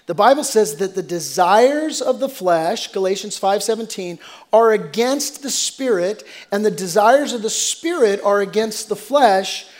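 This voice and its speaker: A man's voice: high voice, a little mellow. A middle-aged male pastor preaching a sermon, mixing scripture with humorous personal stories and emphatic repetition.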